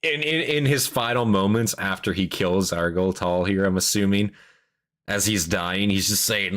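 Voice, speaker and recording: Low-voiced swearing reaction streamer. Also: male voice, moderate pace. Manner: excitable, swears freely, rambling with restarts. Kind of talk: casual reaction commentary.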